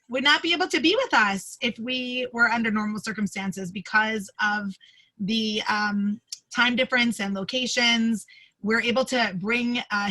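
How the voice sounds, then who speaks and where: A woman rabbi introducing a guest speaker on a video call, emotional and halting with many fillers. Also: on the high side, pushed and bright, low-quality recording. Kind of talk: livestream service introduction.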